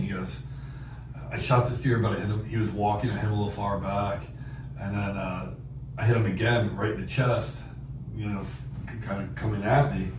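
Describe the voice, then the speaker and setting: A man hosting a podcast, telling a hunting story in a casual, animated way, laughing often and acting out what people said. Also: fairly low pitch. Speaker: podcast host. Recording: echoey distant mic with background noise.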